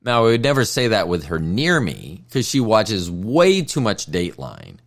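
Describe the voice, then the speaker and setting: A man's voice: fairly low pitch, moderate pace. A man hosting a casual solo podcast, talking in a blunt, sardonic way as he tells stories about his life. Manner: blunt, sardonic, lively storytelling. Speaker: podcast host.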